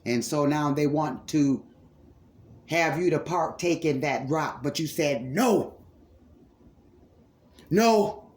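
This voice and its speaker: A man's voice: fairly high pitch, unhurried. A man preaching a spiritual healing sermon with fervor, repeating phrases for emphasis and calling his listeners loved ones.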